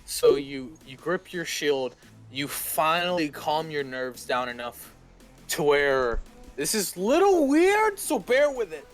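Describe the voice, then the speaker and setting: A man's voice: on the high side, very animated, slow pace, faint music behind. A man acting as game master, narrating the players' actions in loose, laughing run-on sentences on a voice call.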